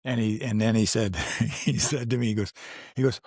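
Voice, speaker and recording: A man's voice: medium pitch, steady tone, moderate pace, a little mellow, breathy edge, no room sound, studio quality. A man in his sixties, an actor as a guest, telling stories in a casual interview, rambling, restarting often and laughing as he goes. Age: 60s.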